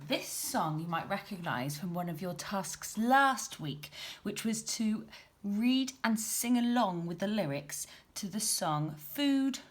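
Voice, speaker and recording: A young woman teaching a primary class, explaining patiently, checking in with "okay?", and sounding out words beat by beat. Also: mid-range voice. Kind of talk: recorded home-learning lesson.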